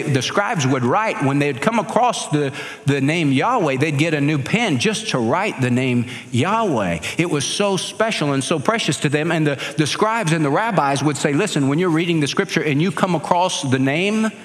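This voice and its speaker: Man preaching in a reverberant hall. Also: on the high side. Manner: emphatic, animated preaching. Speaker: pastor. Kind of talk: sermon.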